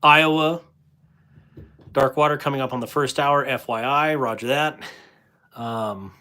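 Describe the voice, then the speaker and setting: A man's voice: medium pitch, steady tone, a little slow, sharp tone. A middle-aged man chatting casually on a livestream, reading viewer comments aloud and laughing often. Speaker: livestream host.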